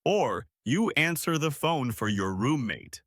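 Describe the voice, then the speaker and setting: A man hosting an English lesson podcast, speaking slowly and clearly in a scripted, encouraging repeat-after-me style. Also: mid-range voice, very animated, a bit bright, no room sound, studio quality. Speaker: English teacher and podcast host.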